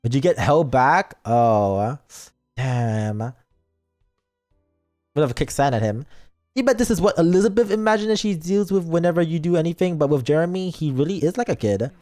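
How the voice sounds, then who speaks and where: A man streaming as a VTuber reads a story game aloud, playfully breaking off to tease his chat. Soft background music plays beneath his fairly high, a little mellow voice, which has lively intonation and a moderate pace.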